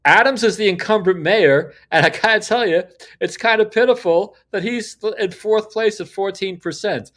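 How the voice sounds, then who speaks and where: A man's voice: sits high, moderate pace, few pauses, a bit bright. Older male host, sixties, solo political rant, rambling and opinionated, lots of restarts. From New York City. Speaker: podcast host.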